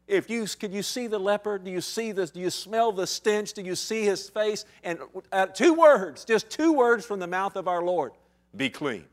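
A pastor preaching a sermon in a somewhat high male voice. He swings between loud declarations and hushed, intense moments and keeps asking his congregation rhetorical questions. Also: normal speed, few pauses.

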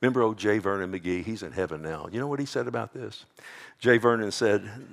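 A man preaching a sermon as pastor, swinging between loud emphasis and hushed tones, often calling out "amen?" and "loved one.". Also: fairly low pitch, a little fast, creaky. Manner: addresses listeners as "loved one", asks "amen?".

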